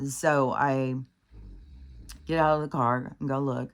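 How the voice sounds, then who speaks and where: A woman's voice: low voice, sing-song, slow, darkish tone. A woman telling a rambling, exasperated story in a casual vlog, swearing freely and using many fillers. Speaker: vlogger.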